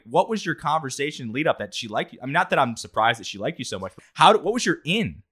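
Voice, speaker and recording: A man's voice: mid-range voice, very animated, fast talker, a bit bright, breathy edge. A man co-hosting a podcast in casual chat, asking eager questions and swearing casually. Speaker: podcast co-host.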